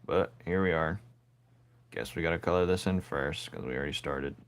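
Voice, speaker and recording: Deep-voiced man chatting while he draws. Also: moderate pace. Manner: laid-back, teasing, talks to himself while he works. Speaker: artist drawing on camera. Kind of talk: casual commentary while drawing.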